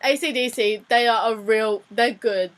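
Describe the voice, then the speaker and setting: Young woman, Australian accent, casual vlog lesson, rambling and giggly, slightly high voice. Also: normal speed, a bit bright. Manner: chatty, giggly, rambling with restarts. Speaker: vlogger teaching slang.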